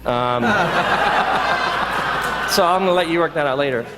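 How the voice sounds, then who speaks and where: A man giving a reflective storytelling talk, earnest and halting, restarting his sentences often. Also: fairly high pitch, animated, in a large hall, a crowd in the background, noisy background. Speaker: speaker.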